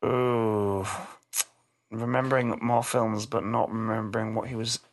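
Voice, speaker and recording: A man's voice: lowish voice, flat delivery, a little slow. A man in his thirties co-hosting a casual podcast chat, joking and laughing often. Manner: jokey, laughs often, repeats phrases. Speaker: podcast co-host.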